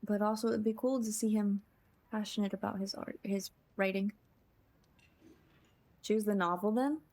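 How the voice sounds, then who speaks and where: A woman's voice: medium pitch, steady tone, moderate pace, a little mellow. A woman streaming a story game, chatting and giggling with her chat as she plays. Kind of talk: casual game commentary. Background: game music.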